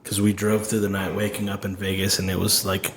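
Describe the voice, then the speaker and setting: A man's voice: low voice, monotone, brisk, slight background noise. A man in his thirties from California, a road crew guest on a podcast, recalling his first tour in an easygoing, matter-of-fact way. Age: 30s. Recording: roomy with faint ambience.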